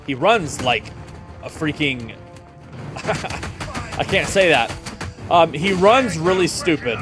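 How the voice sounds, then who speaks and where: Young man, gaming streamer, jokey, chatty, slightly high voice, faint music behind. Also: animated, slow pace, pauses often. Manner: jokey, chatty, laughs often. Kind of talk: casual gaming commentary.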